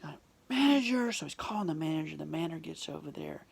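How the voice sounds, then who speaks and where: A woman telling a personal story in an emotional, confessional way, often dropping to a hushed near-whisper. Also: sits low, fairly even intonation, fast talker, creaky, husky.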